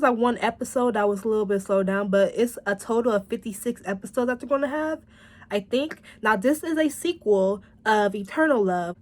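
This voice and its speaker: A woman chatting casually as she reviews a drama, rambling and animated, laughing and swearing often. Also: on the high side, fairly quick.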